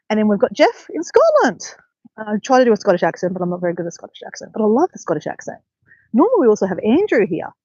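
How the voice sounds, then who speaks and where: A woman's voice: medium pitch, darkish tone, dry recording, lo-fi sound. A woman hosting a casual live stream outdoors by a bay, chatting to viewers in an upbeat way. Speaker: livestream host. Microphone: handheld phone.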